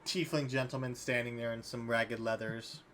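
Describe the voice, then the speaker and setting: A man's voice: mid-range voice, steady tone, moderate pace, fairly bright tone. A man narrating a tabletop game as game master, in an easygoing way.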